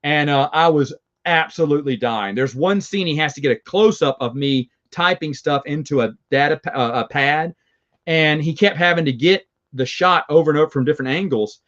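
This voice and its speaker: A man's voice: fairly high pitch, normal speed, a bit bright, muffled recording. A man with a Southern accent, hosting a review show and chatting casually with viewers, rambling and chuckling as he goes. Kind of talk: casual live chat with viewers.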